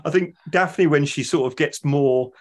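A man's voice: a little high, moderate pace. A man, co-hosting a casual podcast chat, easygoing and often checking for agreement. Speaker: podcast co-host.

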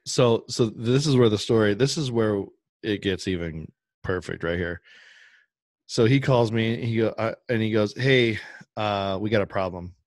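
A man hosting a casual podcast, telling a story in a chatty, animated way and acting out what people said. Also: fairly low pitch, normal speed, no echo. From Midwest US. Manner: animated storyteller, acts out quoted voices. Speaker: podcast host.

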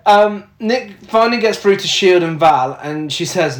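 A man casually recapping a film plot with laughter, doing quick silly voices for the quotes. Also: sits high, animated, roomy sound. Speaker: podcast co-host recapping a film. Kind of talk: casual comedic chat.

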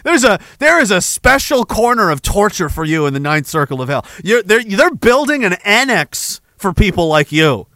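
A man's voice: high voice, big pitch swings, moderate pace, few pauses, sharp tone, no room sound. A man hosting a podcast, delivering a heated, profane, sarcastic rant. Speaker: podcast host.

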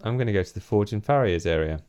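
A man playing a tabletop game, planning his moves out loud in a deliberate way. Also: fairly low pitch, expressive, clean tone. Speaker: player. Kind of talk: casual tabletop gaming chat.

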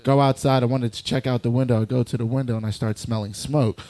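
Brief: New man, mid-pitched, laid-back, profane storyteller. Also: steady tone, mellow. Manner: laid-back, profane, acts out people in quick voices. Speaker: guest storyteller. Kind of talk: casual comedic storytelling.

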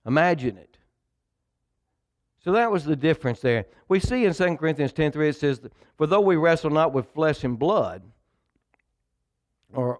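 A male pastor preaching a sermon, emphatic and repetitive, calling on the congregation to read along. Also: on the high side. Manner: preaching with call-and-response to the congregation.

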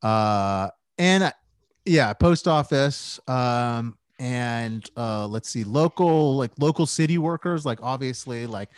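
A man tells a rambling, profane story with a self-mocking edge, in casual podcast chat. His pitch swings lively up and down. The sound is dry and close, with no room around it. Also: slow pace, clear, resonant tone, no echo. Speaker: podcast co-host.

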